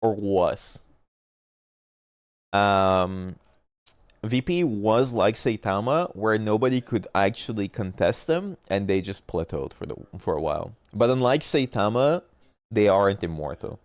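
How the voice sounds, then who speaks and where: A man's voice: lowish voice, lively intonation, a little slow, no echo. A young man with a stuffy nose, commenting on an esports match in blunt, profane, rambling talk on a livestream. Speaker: esports streamer.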